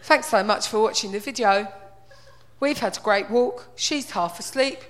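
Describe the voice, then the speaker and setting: A woman's voice: medium pitch, normal speed, close to an everyday voice. A woman voicing a cheerful man in his fifties who vlogs his dog walks, chatty and homely. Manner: chirpy, homely, rambling.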